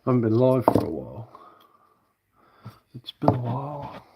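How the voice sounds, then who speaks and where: A man's voice: medium pitch, big pitch swings, normal speed, heavy background noise. A man with a southern English accent chatting casually on a live stream as he carves wood, rambling and answering viewer comments while he works.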